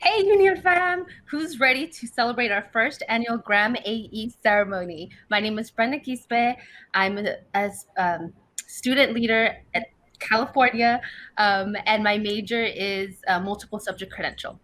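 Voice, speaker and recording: A woman's voice: mid-range voice, moderate pace, a bit bright. A young woman who is a student leader, co-hosting an awards ceremony over a video call, enthusiastic with small hesitations. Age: young adult. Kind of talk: casual hosting chat.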